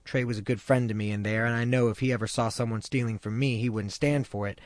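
A man narrating his own memoir of jail life in a measured, somber way. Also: medium pitch, fairly even intonation, no room sound, studio quality. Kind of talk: first-person memoir narration.

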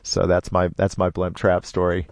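A man telling a personal story in casual conversation, lively, with sound effects. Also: sits low, normal speed, creaky, crowd noise. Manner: animated, with sound effects and put-on voices in quotes. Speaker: storyteller guest.

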